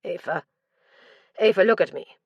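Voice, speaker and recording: A woman's voice: lowish voice, slow, creaky, breathy edge, no echo, muffled recording, full character voice. A woman voicing a terse, commanding winged warrior man. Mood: firm, coaxing. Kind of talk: audiobook character dialogue.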